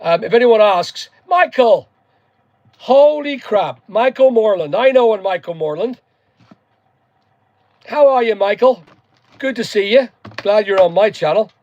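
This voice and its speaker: Chatty high-voiced Northern Irish man. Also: lively intonation, measured pace, long pauses, darkish tone, dry recording, lo-fi sound. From Northern Ireland. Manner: rambling, chatty, greets viewers by name. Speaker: live stream host. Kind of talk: casual live chat with viewers.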